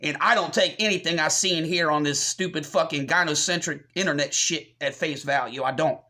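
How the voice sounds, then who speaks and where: A man's voice: fairly high pitch, fairly quick, sharp tone. A man from the United States delivers a combative rant to his channel's viewers, packed with swearing. He sounds scornful and confrontational the whole way through. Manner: combative, profane, scornful ranting. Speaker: channel host. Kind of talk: ranting commentary.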